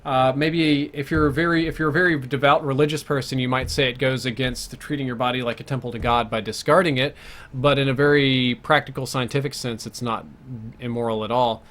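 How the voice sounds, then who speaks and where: A man's voice: mid-range voice, fairly even intonation, a little fast, a bit bright. A young man chatting casually while live-streaming a game, thinking aloud and answering viewers' questions between plays. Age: young adult. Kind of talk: live gameplay commentary chat.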